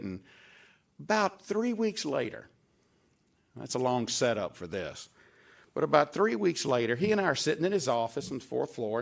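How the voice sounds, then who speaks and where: An older man, a former staff member, gives a tribute speech from a podium at a dedication event in an event hall. His creaky mid-range voice carries folksy anecdotes, and he acts out the lines he quotes by raising his voice.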